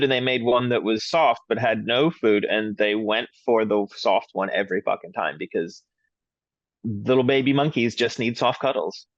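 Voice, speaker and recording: A man's voice: medium pitch, fairly bright tone, no echo. A man co-hosting a podcast, talking in a laid-back, blunt way and swearing casually. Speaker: podcast co-host. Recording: dull, dry lo-fi podcast mic.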